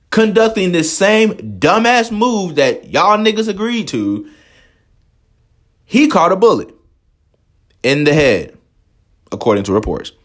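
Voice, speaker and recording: A man, delivering a profane, incredulous commentary rant as a host, swearing often. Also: medium pitch.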